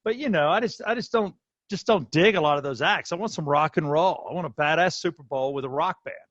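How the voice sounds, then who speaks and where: A man's voice: a little high, brisk, a bit bright, no room sound, dull audio. A man hosting a podcast, chatting casually and rambling through his opinions. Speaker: podcast host. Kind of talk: casual chat.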